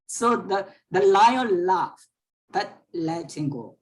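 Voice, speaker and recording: Brief: female teacher, online class, patient storytelling, repeats every line, very slow pace. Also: fairly low pitch, lively intonation. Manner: slow, repeats each sentence and explains words. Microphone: online class microphone.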